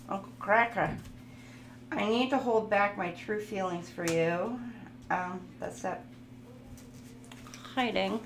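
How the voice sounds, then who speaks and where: A woman's voice: mid-range voice, slow, pauses often. A woman giving a casual, playful tarot reading, sometimes goofy, reading card messages aloud to her viewers. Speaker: tarot reader. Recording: roomy echo, faint background noise.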